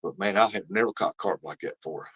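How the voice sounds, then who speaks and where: A man's voice: sits low, fast talker, fairly bright tone, slightly rough. A man hosting a live fishing stream, chatting casually and rambling as he reads out viewer comments. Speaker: fishing livestream host. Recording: dull lo-fi stream audio.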